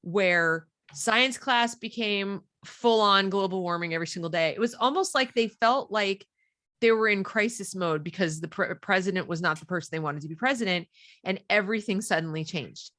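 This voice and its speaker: A middle-aged woman, a guest on a podcast, tells a story in casual conversation and animatedly acts out the voices of the people she quotes. Her voice is mid-range at a normal speed, captured in a dry, clean studio recording.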